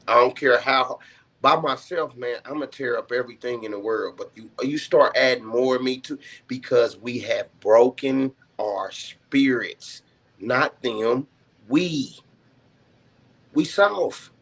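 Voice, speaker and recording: A man's voice: mid-range voice, measured pace, a bit bright. A man on a talk show panel, speaking passionately and swearing often, then apologizing for getting carried away. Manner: passionate, swears a lot, apologizes after outbursts. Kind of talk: heated casual discussion.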